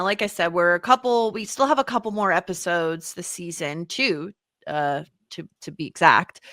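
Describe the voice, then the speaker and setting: A woman co-hosting a podcast in casual chat, animated and exasperated, full of fillers and swearing. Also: on the low side, no echo, clean studio sound. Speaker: podcast co-host.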